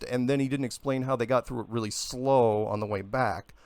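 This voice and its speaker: A man arguing his case in a heated radio debate, insistent and quick to interrupt, breaking into emphatic outbursts. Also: mid-range voice, clear, resonant tone, no room sound. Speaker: flat earth guest.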